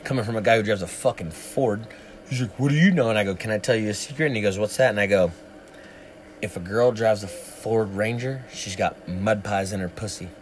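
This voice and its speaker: Slight background noise sits behind a lowish male voice moving at a fairly quick clip. He's a livestream co-host, casually chatting and telling long, profane, meandering stories.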